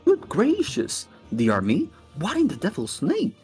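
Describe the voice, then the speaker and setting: A woman's voice: sits low, huge pitch swings, moderate pace, dark tone, breathy edge, faint music behind, full character voice. A woman voicing a stern, pompous elderly male judge in a fan dub, with formal speech and theatrical outbursts. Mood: shocked.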